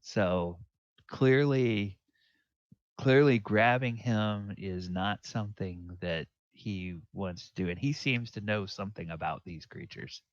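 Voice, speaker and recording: A man narrating a tabletop game as dungeon master, halting and musing aloud. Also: on the low side, no room sound, dull audio. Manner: halting, many fillers and restarts, musing aloud.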